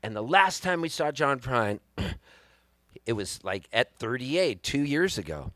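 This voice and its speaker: Excitable male storyteller onstage, dry sound. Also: medium pitch, slow, no echo. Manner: animated, excitable storyteller who acts out the people he quotes. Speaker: singer-songwriter performing live. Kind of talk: storytelling between songs on stage. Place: live music venue.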